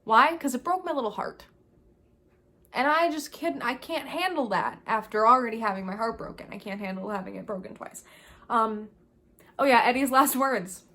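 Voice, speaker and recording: High-voiced woman ranting in a vlog. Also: moderate pace. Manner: animated, exasperated ranting. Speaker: video creator. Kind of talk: casual review vlog.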